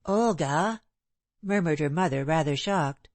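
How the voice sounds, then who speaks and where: A woman narrating a novel as an audiobook in a measured, even way. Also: low voice, no room sound. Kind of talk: scripted narration.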